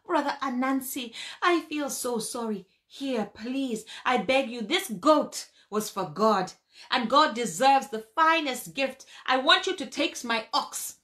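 A woman's voice: high voice, unhurried, fairly bright tone. A woman playing an earnest, apologetic farmer. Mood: pleading. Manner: earnest, pleading. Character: kindly apologetic male farmer.

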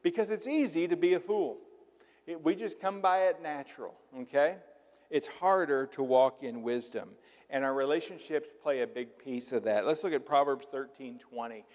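A man's voice: on the high side, moderate pace, a little mellow. A middle-aged male pastor from southern Illinois with a slight Southern accent, preaching in a folksy, conversational way full of filler words. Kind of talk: sermon. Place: church sanctuary. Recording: reverberant church hall.

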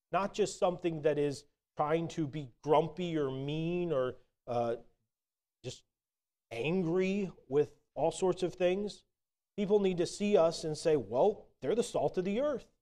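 A man preaching a sermon in a relaxed, conversational storytelling way, with some hesitant restarts. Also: fairly high pitch.

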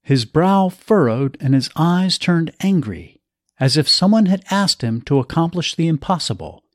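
A man narrating a scripted story with a slow, measured reading style. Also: fairly high pitch, big pitch swings, no room sound, studio quality.

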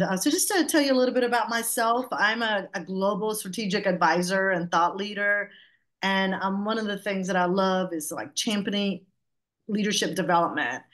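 A middle-aged woman with a warm Southern accent speaks over a video call, chatty and quick to joke about herself. Her pitch sits in an ordinary middle range. She presents with easy, friendly confidence. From Georgia, US South. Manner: chatty, playful, self-joking. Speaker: guest speaker. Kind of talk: webinar presentation.

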